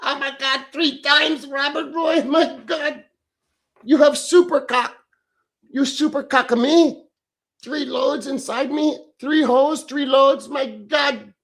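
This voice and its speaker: A man putting on the voice of a gushing young bar girl in her twenties, breathy and swooning. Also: very high-pitched, steady tone, slow pace, fairly bright tone, voice pushed up, exaggerated voice.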